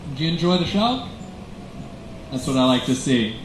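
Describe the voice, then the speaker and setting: A male stand-up comedian doing self-mocking, deadpan bits for commuters on an airport tram. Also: medium pitch, moderate pace, noisy background. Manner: self-mocking, wraps up the show again and again.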